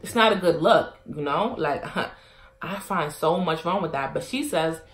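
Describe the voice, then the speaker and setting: A young woman tells a personal story to her vlog camera. She talks casually and acts out both sides of a heated argument, with her voice swinging from low and quiet to loud and animated. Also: a little slow. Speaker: vlogger telling a story.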